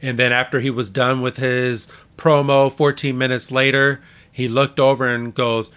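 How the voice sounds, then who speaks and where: A man's voice: mid-range voice, little pitch movement, moderate pace, a bit bright, clean tone. A man co-hosting a casual podcast chat, animatedly retelling a story and acting out quotes. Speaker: podcast co-host.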